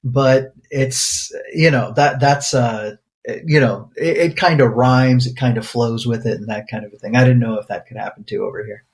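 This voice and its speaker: A man co-hosting a podcast in loose, casual banter. He rambles through thoughts full of "you know" and "um" and laughs easily. His pitch sits in the middle for a man. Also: normal speed. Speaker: podcast co-host, pediatric infectious disease doctor.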